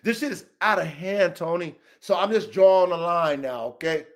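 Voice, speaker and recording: A man's voice: sits high, normal speed. A man hosting a podcast, ranting in a profane, confrontational way, repeating himself and calling people out by name. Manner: profane, confrontational, repetitive, calls out names. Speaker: podcast host. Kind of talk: heated casual rant.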